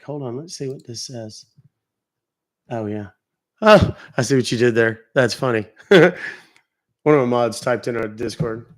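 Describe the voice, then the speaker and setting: A man's voice: mid-range voice, normal speed, pauses often. A man hosting a live stream, chatting casually and profanely with his audience and joking around. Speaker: livestream host.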